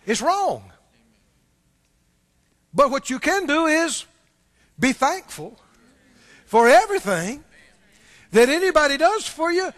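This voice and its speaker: A middle-aged man preaching a sermon as pastor, swinging between loud outbursts and soft asides, chuckling between points. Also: very high-pitched.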